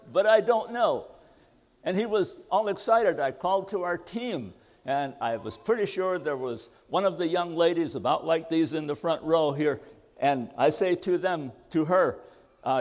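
Older man preaching, earnest and deliberate, slightly high pitch, in a reverberant church hall. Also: darkish tone. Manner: earnest storytelling, slows for scripture. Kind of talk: sermon with a personal story.

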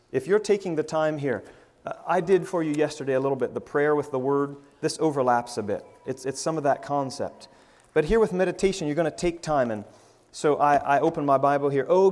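A man preaching an informal sermon, stammering over restarts and swinging from loud to hushed. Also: on the high side, long reverb tail. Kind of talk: conversational sermon.

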